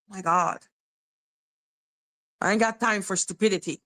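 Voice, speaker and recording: A woman's voice: mid-range voice, animated, unhurried, fairly bright tone. A woman hosting a casual live-stream commentary, blunt and irritated, sounding condescending, swearing and repeating herself.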